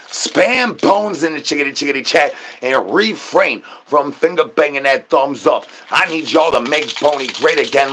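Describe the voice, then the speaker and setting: A man's voice: medium pitch, fairly bright tone, slight background noise. A man hosting a livestream, rambling to his chat in absurd slangy patter full of repeated catchphrases. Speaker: livestream host.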